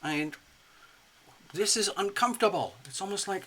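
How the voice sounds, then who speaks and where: A man giving a casual spoken tarot reading in an expressive, playful way, slipping into acted asides. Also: medium pitch, moderate pace. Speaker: tarot reader.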